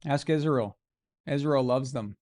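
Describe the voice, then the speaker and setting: A man hosting a live stream, reacting to a football game with jokes and excited, casual commentary. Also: mid-range voice, measured pace. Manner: joking, excitable, swears casually. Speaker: livestream host.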